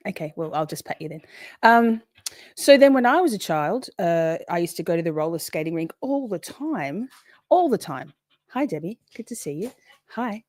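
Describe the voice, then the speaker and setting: A woman's voice: on the low side, expressive, brisk, a little mellow, no room sound, clean studio sound. A woman in her forties, hosting a casual livestream, chatting loosely, swearing freely and greeting viewers by name. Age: 40s. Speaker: livestream host.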